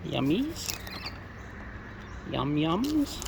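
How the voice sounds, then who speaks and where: A man, chatting playfully to wild birds while feeding and filming them, his calls leaping up high as he coaxes them closer. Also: sing-song, takes it slowly, long pauses, noisy background. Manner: playful coaxing, voice leaps high when calling birds. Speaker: bird-feeding vlogger. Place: outdoors feeding wild cockatoos.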